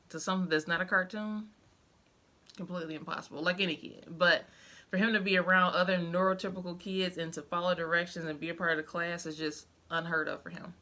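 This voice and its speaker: A woman's voice: fairly low pitch, pushed and bright. A young woman talking to the camera about her life as a mother, heartfelt and emotional, with many fillers. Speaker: vlogger, mother. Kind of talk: casual personal storytelling to camera.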